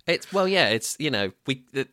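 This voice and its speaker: A man's voice: medium pitch, big pitch swings, normal speed, bright, forceful tone, no room sound, studio quality. A young man co-hosting a film review podcast, chatting casually with frequent stumbles and laughs. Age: young adult. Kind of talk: casual chat.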